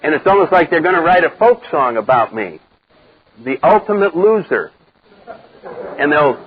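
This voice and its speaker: An older man speaking to a live recovery group, blunt and wry, acting out the voices he quotes in a lively way. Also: on the high side, normal speed, long pauses, slightly rough. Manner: animated storyteller who acts out quoted voices, wry and blunt. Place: meeting room with a live group. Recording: dull lo-fi 1990s cassette recording.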